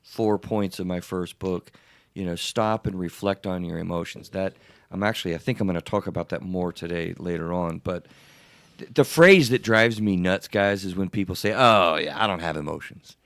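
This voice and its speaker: A man hosting a therapy podcast, talking in an animated, wordy way and often repeating himself. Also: low-pitched, normal speed, dry recording, clean studio sound. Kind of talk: casual podcast discussion.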